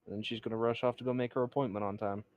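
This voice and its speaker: A man's voice: fairly low pitch, fairly even intonation, rapid-fire, darkish tone, dry recording, dull audio. A man chatting casually after a tabletop game stream, joking and rambling as a player and game master.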